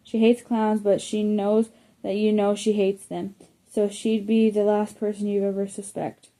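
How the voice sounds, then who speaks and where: A woman's voice: mid-range voice, little pitch movement, a little slow, warm tone, natural voice. A woman reading aloud and voicing a teenage boy, the easygoing friend of the narrator, in a storybook reading.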